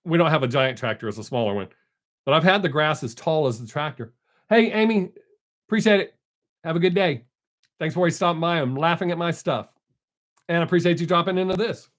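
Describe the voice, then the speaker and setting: A man's voice: fairly high pitch, lively intonation, a little fast, pauses often. An older man hosting a live stream, in casual folksy chat, joking and greeting viewers from the chat by name.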